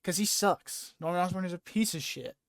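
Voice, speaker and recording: Young man with a higher voice, dry. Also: a little fast, dry recording. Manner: rambling, profane, laughing recap with lots of "like". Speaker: podcast host recapping a comic. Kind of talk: casual chat.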